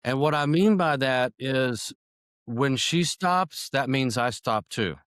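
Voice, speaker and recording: A man's voice: mid-range voice, animated, slow, a bit bright, clean tone, no echo, clean studio sound. A man speaking as a guest on an interview podcast, earnest and reflective, with small restarts. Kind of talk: conversational interview.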